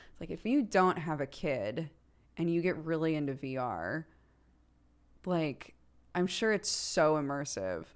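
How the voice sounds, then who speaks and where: A chatty woman streamer in her thirties with a somewhat low-pitched voice. She talks casually and tells anecdotes, laughing often. She acts out the quotes in her stories as she goes. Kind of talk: casual chat on a livestream.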